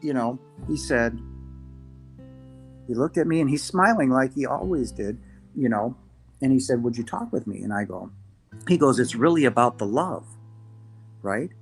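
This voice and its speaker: A man tells his own story as a podcast guest, earnest and a little halting, doubling back on his words and quoting what he said and thought. His voice sits in an ordinary middle pitch. Faint guitar music plays softly underneath. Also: animated. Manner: earnest, halting, many restarts and quoted asides. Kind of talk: first-person storytelling.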